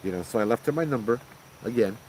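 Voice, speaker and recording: A man, casually retelling a paranormal encounter as host, in an animated, conversational way. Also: medium pitch, fast talker, slight background noise, rough recording. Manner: animated, conversational retelling with frequent "you know" and "right?". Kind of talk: casual spoken ghost story.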